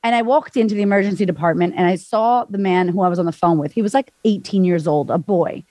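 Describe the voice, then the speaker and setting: A woman's voice: on the low side, fast, a little mellow, dry recording. A woman guest on a podcast, frankly retelling a hard personal story with lots of "like". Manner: frank, breathless retelling full of "like", acts out voices.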